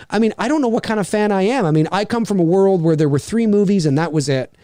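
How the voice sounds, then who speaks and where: A man hosting a podcast, talking in a casual, animated, rambling way, repeating words and swearing often. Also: high-pitched, quick pace, no echo, studio quality. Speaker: podcast host. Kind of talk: casual chat.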